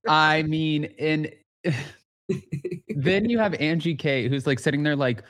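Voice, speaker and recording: A man's voice: a little high, takes it slowly, fairly bright tone. A man hosting a casual recap podcast, chatty and gossipy, filling his talk with "like". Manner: chatty, gossipy, heavy use of "like". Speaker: podcast host.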